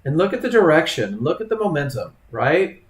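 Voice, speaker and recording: A man's voice: on the high side, sing-song, a little fast. Man teaching trading, echoey room. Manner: conversational, addresses students by name, acts out trader thoughts. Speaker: trading instructor. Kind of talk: live webinar teaching.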